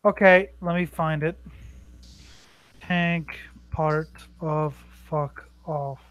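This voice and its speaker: High-voiced profane man, dry sound. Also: fairly even intonation, fairly bright tone, dry recording, dull audio. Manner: profane, teasing, quick to laugh. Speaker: podcast co-host. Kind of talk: crude casual banter.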